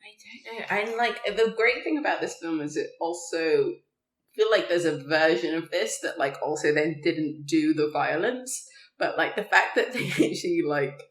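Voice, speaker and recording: Woman, low voice, roomy echo, chatty podcast co-host. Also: normal speed. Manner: chatty, animated, laughs often, many fillers. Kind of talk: casual film chat.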